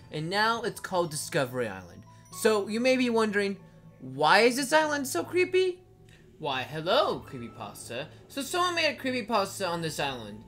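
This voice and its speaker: Animated, lively-voiced woman vlogger. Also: fairly low pitch. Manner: animated, blunt and joking, swears casually; rambling with many likes. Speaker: video creator. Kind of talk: casual commentary vlog. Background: background music.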